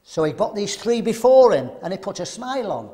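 A man preaching at a men's seminar, animated and throwing rhetorical questions to the audience. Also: high-pitched, fairly quick.

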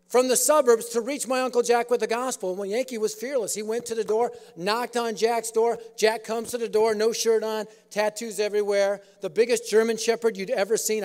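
A man preaching a sermon in an auditorium, telling a story with humor. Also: high-pitched. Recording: echoey auditorium.

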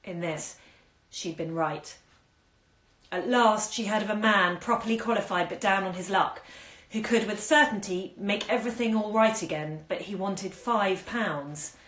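A woman's voice: lowish voice, fairly bright tone. A woman reading a short story aloud at home, giving the dialogue small acted turns. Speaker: bookshop owner reading aloud. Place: indoors at home during lockdown. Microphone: phone on a live stream. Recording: echoey room on a phone stream.

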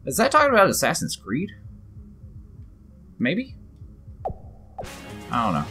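A man narrates his gameplay in a bright, keen voice, swinging his pitch wildly as he reacts. He swears when things go wrong and cheers when they go right, in an excitable let's play style. Faint game music plays under him. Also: a little slow, long pauses, slightly rough. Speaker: gaming channel host.

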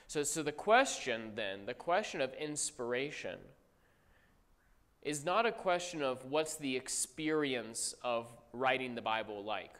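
Brief: male Bible teacher, mid-pitched, chatty and repetitive, recorded in a reverberant classroom. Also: lively intonation, a little slow, fairly bright tone. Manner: conversational, repeats points, asks class questions. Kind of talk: classroom theology lecture.

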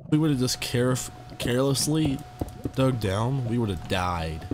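A man's voice: medium pitch, animated, unhurried, music in the background. A young man giving casual, playful commentary as he plays a game, talking to the creatures he meets. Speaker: gamer.

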